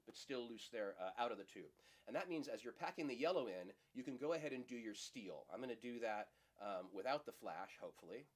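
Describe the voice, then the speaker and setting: A middle-aged man teaching a magic trick in a casual, playful demonstration, talking the viewer through each move. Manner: lively, playful, acts out audience lines in high voices.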